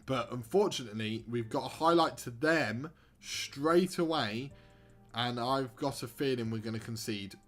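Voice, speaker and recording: A man's voice: mid-range voice, moderate pace, fairly bright tone, faint music behind. A young man streaming a football manager game, commentating live with sarcastic, exasperated rants.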